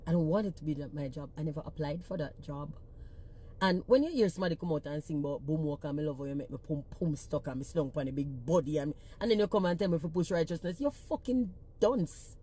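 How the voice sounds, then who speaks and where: Jamaican patois woman ranting to her followers, swears a lot, fiery and blunt, mellow tone. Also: low voice, fast, slightly rough. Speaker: reggae singer-songwriter. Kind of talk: casual social media rant.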